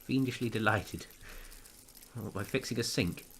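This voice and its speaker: Man, let's play commentary, bright tone, sarcastic, laughs and swears a lot. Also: on the low side, moderate pace, breathy edge. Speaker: game commentator.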